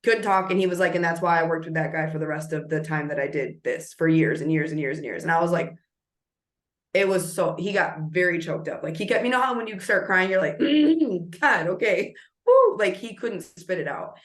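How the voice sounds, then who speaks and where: A woman co-host casually retelling a story, animated and acting out the quotes. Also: deep voice, a little fast, echoey room.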